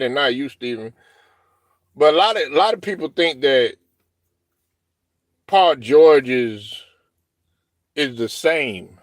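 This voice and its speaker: On the high side in pitch and recorded dry with no room sound, a male sports talk co-host chats loosely. He swears, mimics other people's words, and keeps restarting amid lots of fillers.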